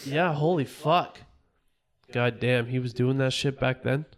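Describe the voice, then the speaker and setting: A man's voice: mid-range voice, measured pace. A man co-hosting a crude, casual podcast, teasing and joking in banter. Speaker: podcast co-host.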